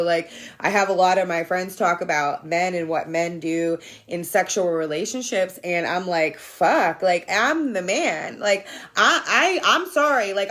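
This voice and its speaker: A woman's voice: lowish voice, fairly bright tone. A woman hosting a casual spiritual livestream, talking candidly with plenty of swearing, laughing often and answering viewers' comments. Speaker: livestream host.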